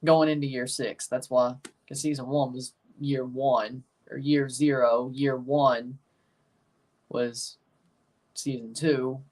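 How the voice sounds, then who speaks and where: A man hosting a casual livestream, rambling, chatting with viewers and turning loud and emphatic when he passes judgment. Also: mid-range voice, level tone, takes it slowly, recorded from a distance. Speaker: livestream host ranking soccer kits.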